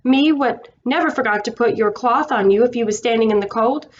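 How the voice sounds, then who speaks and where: A woman's voice: on the high side, a little fast, muffled recording, a little hiss or hum, natural voice. A woman putting on a blustering old cab driver. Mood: indignant. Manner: blustering, indignant. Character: gruff working-class London cab driver man.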